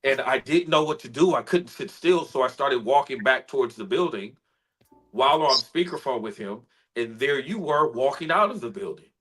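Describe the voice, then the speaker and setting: A man's voice: medium pitch, animated, fairly bright tone, breathy edge, poor audio. A man, a spoken word poet and guest, earnestly telling a heartfelt personal story on a video call. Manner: earnest, emotional, measured storytelling.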